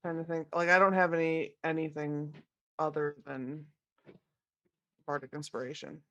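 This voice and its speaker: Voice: medium pitch, level tone, normal speed, bright, forceful tone. Hesitant player on muffled call audio. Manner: hesitant, distracted. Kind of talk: tabletop game play over a call.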